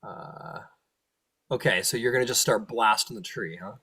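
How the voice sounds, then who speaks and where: A man narrating as game master, animated and laughing, often jumping into silly voices. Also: fairly low pitch, normal speed, slightly rough.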